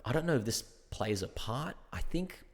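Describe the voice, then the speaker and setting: An Australian actor, appearing as a guest in a casual interview, tells stories with animation and acts out little exchanges. His voice is mid-range at a moderate pace, with a big-room sound.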